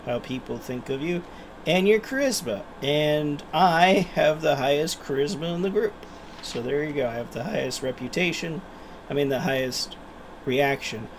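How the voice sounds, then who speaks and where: A man's voice: medium pitch, a little hiss or hum. A man hosting a gaming channel, talking animatedly in casual let's-play commentary and laughing at himself.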